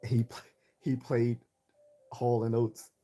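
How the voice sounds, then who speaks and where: A man's voice: medium pitch, completely flat delivery, takes it slowly, warm tone. A man with a Northeastern American accent hosting a livestream, rambling and opinionated as he reads out the chat, often restarting his sentences. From Chicago. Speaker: livestream host reading chat.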